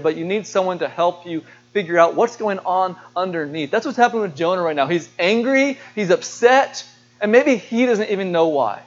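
A male pastor delivering a sermon in a high voice. He is earnest and questioning and doubles back on his words. The sound is dull and lo-fi. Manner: earnest, asks the congregation questions, repeats words.

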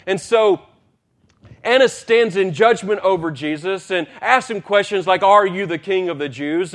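A male pastor preaching a sermon, retelling a story with acted-out dialogue and repeated words as he builds intensity. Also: sits high.

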